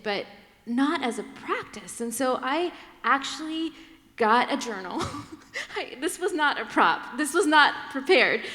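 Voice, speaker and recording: Candid, laughing woman on a panel. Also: a little high. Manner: candid and animated, laughing often, shifting between voices. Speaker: conference panelist. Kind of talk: candid personal talk on a panel. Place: large conference hall. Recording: long reverb of a large hall.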